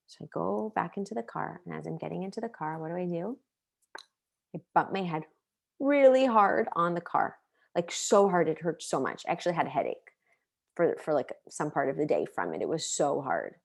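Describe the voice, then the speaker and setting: A woman's voice: low-pitched, lively intonation, fairly quick, creaky. A woman in her thirties teaching an online parenting class, earnest and full of questions, sharing personal stories. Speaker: parenting coach.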